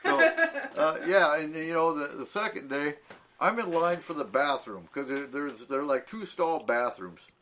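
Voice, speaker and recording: His voice runs on the high side, animated, pushed and bright, and a little slow, with some hiss or hum in the recording. The man hosts a casual radio talk show, spinning anecdotes full of fillers and laughter while voicing the people he quotes.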